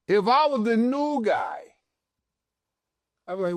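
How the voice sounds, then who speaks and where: A man co-hosting a laid-back podcast, speaking with a slightly raised pitch. He talks bluntly and swears freely, using plenty of slang. The sound is dry and close, with no room echo. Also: wildly swooping pitch, slow pace. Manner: blunt, profane, slangy banter. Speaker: podcast co-host. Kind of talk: casual chat.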